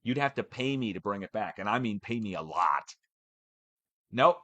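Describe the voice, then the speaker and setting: A man giving a casual, animated ranting update for his channel, swearing as he goes. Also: lowish voice, normal speed, dry recording. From United States. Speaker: channel host.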